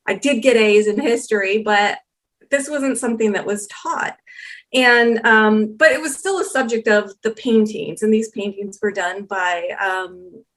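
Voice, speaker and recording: A woman guest on a podcast, telling a long personal story in casual chat and acting out the exchanges she recounts. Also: medium pitch. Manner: animated storyteller, acts out quoted exchanges. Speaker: documentary filmmaker guest.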